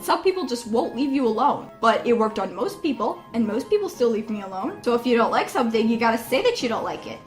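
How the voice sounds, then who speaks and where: A young woman vlogger telling a childhood story, loud and expressive. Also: fairly high pitch. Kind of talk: casual storytelling to camera.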